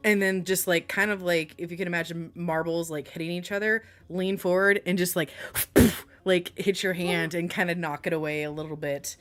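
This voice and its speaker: A woman's voice: fairly low pitch, steady tone, normal speed, few pauses, fairly bright tone. A woman running a tabletop game as game master, narrating in a rambling, giggly way full of fillers.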